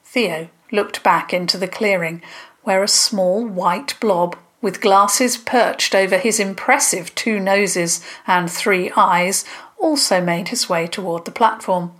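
A woman narrating a children's story in a gentle, unhurried reading. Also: medium pitch.

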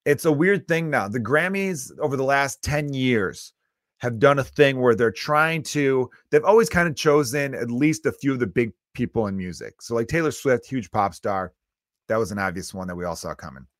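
A man's voice: mid-range voice, animated, normal speed, no room sound, studio quality. A man in his thirties hosting a solo comedy podcast, ranting bluntly with lots of swearing. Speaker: podcast host.

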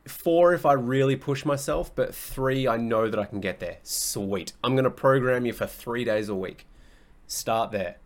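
A young adult man hosting a casual solo podcast as a coach, talking bluntly, swearing often and laughing easily. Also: mid-range voice.

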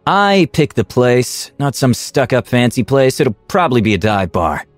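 A man voicing a curt, sharp-tongued female ranger who serves as a bodyguard. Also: mid-range voice, very animated, moderate pace, dry recording, soft background music, natural voice. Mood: blunt. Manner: curt, blunt.

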